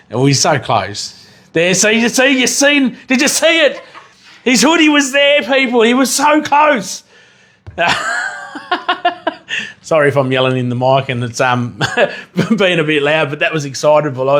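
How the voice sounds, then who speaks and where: A man hosting a casual livestream while he cooks. He rambles, swears casually and bursts into excited yelling now and then. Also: mid-range voice. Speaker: livestream host and chef.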